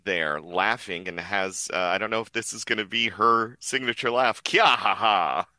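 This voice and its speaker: A man's voice: normal speed, no room sound, studio quality. A man chatting casually on a podcast, reading comic pages aloud and slipping into silly voices for the characters. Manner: animated, puts on silly high voices for characters. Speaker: podcast guest.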